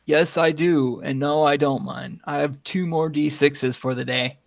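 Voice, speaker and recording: A man casually chatting as a player in a tabletop game, easygoing and quick to laugh. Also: fairly high pitch, steady tone, vocal fry, dry recording.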